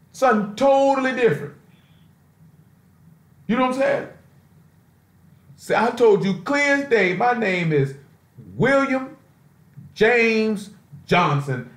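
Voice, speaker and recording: High-voiced man preaching loosely. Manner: loose, streetwise talk with constant rhetorical asides. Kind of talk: informal sermon on a conference call. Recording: roomy echo.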